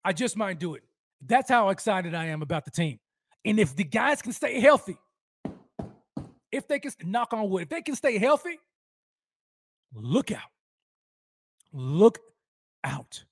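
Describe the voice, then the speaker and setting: A man's voice: high-pitched, lively intonation, moderate pace, pauses often, no room sound. A man hosting a live sports fan show, hyped and rambling, with slangy street talk and lots of repeats.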